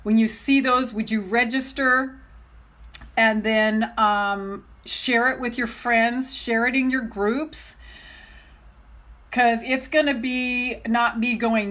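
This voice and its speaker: Middle-aged woman, life coach, chatty live stream to followers, bubbly and keyed up, a bit high-voiced. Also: slow pace. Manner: gushing, excitable, laughs often, talks straight to viewers. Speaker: self-love coach hosting a live stream.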